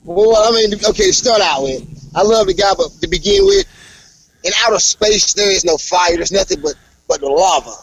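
A young adult man, a professional wrestler, talking casually in an interview and breaking into animated promo-style trash talk. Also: sits high, moderate pace, gravelly, breathy edge, dry recording, poor audio. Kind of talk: casual interview over a call.

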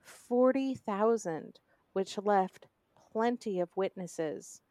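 A woman's voice: medium pitch, slow pace, mellow, no echo. A young woman hosting a true crime podcast, telling the story in a sarcastic, conversational way. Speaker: podcast host.

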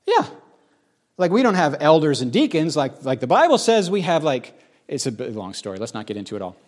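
A man's voice: a little high, sing-song, fairly quick, darkish tone. A middle-aged man, a pastor, giving a candid, conversational sermon testimony, often restarting his sentences. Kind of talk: sermon-style personal testimony.

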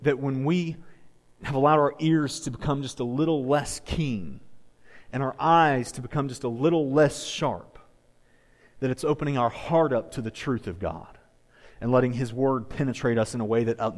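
A man's voice: medium pitch, long reverb tail. A man preaching a sermon as pastor, repeating phrases and leading his congregation in call-and-response. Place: church sanctuary.

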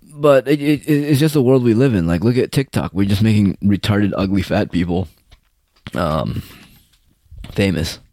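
A young man from the United States rants in a rambling, profane, mocking way. His voice sits very low. The recording is dry and close, with no room sound. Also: normal speed, dark tone, no room sound. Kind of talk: casual ranting monologue.

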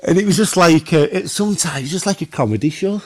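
A man from northwest England, a former goalkeeper and podcast guest, telling stories in a casual chat, animated, with many fillers and restarts. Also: a little high, fast talker.

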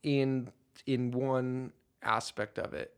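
A man co-hosting a casual movie podcast, rambling and animated as he talks. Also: mid-range voice, takes it slowly, clear, resonant tone. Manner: rambling, animated, laughs often. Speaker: podcast co-host.

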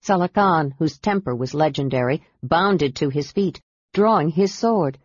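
A reader narrating a fantasy novel in a steady, even storytelling voice. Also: medium pitch, unhurried, husky, no room sound. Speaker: audiobook narrator. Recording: dull, dry audiobook sound.

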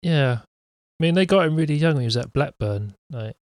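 A man's voice: on the high side, expressive, moderate pace, darkish tone, no room sound, studio quality. A young man co-hosting a casual football podcast, wry and sarcastic in his asides. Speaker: podcast co-host.

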